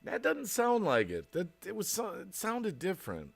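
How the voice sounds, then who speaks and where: Chatty laughing man with lively pitch. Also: moderate pace, creaky. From United States. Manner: chatty, laughs often, rambling. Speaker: livestream host. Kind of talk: casual chat reading viewer comments.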